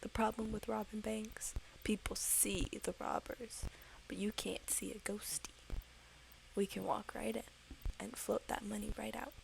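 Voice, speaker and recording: A woman voicing a slick, greedy male ghost who robs banks, smooth and persuasive like a salesman. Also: mid-range voice, little pitch movement, unhurried, slight background noise, low-quality recording. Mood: scheming.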